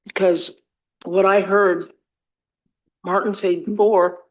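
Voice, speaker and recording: A woman's voice: medium pitch, little pitch movement, slow, low-quality recording. A woman on a council, speaking firmly through a mouth brace that slurs her words and insisting on proper process. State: talking around a mouth brace, slightly slurred. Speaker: council member. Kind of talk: meeting discussion.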